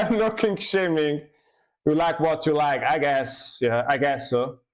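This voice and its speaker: A man's voice: a little high, takes it slowly. Chatty man reacting to metal. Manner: chatty, laughs often, repeats phrases. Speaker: music reaction streamer. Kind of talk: casual live reaction chat.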